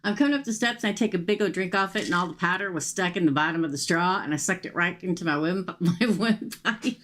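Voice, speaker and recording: A woman's voice: fairly low pitch, fast talker, a bit bright, a little hiss or hum. Chatty woman reading tarot live. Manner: chatty and emphatic, frequent "okay?" asides. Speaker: tarot reader and live stream host.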